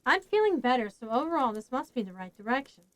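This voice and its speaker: A woman's voice: high voice, sing-song, fast, no room sound. A woman voicing an earnest young monster girl in a storybook reading, speaking eagerly.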